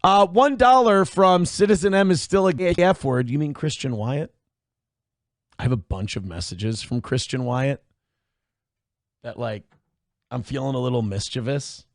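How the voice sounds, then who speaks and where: A high-pitched man hosts a casual livestream and reads out donations to his viewers. He swings between hyped, loud bursts and low, muttered asides. The sound is dry and close, with no room around it. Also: a little slow, long pauses, dry recording. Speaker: livestream host.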